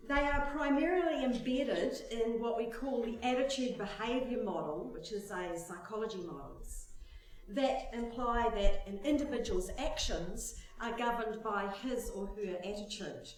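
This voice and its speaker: A woman social scientist talks to a symposium audience in an easygoing, joking way, her voice a little high. She drops in frequent ums as she explains her point. The sound bounces heavily around a big lecture hall, picked up from some distance. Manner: relaxed, joking, with frequent fillers. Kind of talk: conversational conference presentation. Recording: very echoey hall, mic at a distance.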